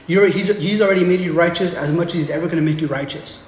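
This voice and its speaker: A man's voice: fairly high pitch, quick pace, slight background noise. A man preaching a casual, conversational sermon as pastor, often asking "right?" and restarting his sentences. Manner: conversational, tag questions and restarts. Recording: echoey hall with long reverb.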